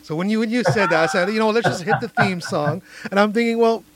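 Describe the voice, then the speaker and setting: A male interviewer with a fairly high voice asks questions in a relaxed way. He often trips over his words and repeats them before getting a sentence out. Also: quick pace, heavy background noise. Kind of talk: casual interview chat.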